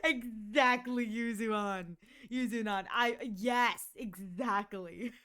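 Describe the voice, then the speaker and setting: A woman's voice: on the high side, takes it slowly. A woman streamer chatting casually and gossiping with her viewers during an art stream, laughing often. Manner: giggly, gossipy, animated.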